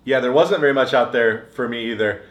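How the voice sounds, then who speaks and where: Young guy on a podcast, dry deadpan jokes, middle pitch, echoey room sound. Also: a little fast. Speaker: podcast co-host. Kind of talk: casual chat.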